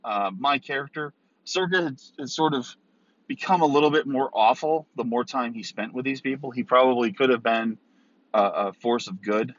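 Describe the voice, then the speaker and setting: A man's voice: medium pitch, moderate pace, no echo. A man hosting his own podcast, talking casually and rambling with many ums and restarts. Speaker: podcast host. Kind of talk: casual solo podcast talk. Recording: dull, dry recording.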